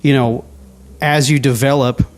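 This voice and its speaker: A man in a casual podcast interview tells his personal story with plenty of energy. His voice sits at an ordinary middle pitch, and he keeps breaking into playful quoted voices for his past self. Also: unhurried. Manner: animated storyteller, acts out his own past thoughts in quoted asides. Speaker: guest sharing his testimony.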